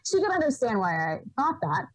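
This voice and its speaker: A young woman from Rhode Island telling stories as a podcast guest, animated, laughing often and acting out what people said. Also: on the high side, fairly quick, slightly rough, no room sound, low-quality recording. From Rhode Island, USA. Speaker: podcast guest, environmental educator. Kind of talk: casual storytelling in an interview.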